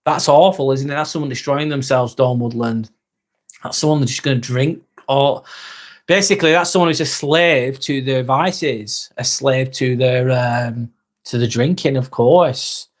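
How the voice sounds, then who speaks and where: A man in his forties hosts a casual livestream, speaking slowly in a mid-range voice. He chats loosely, swears now and then, and reads viewer comments aloud.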